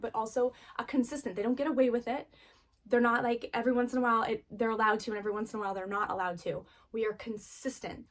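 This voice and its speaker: Earnest woman teaching a parenting lesson. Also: on the high side. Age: adult parent. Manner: earnest, encouraging, repeats key phrases. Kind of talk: casual spoken lesson.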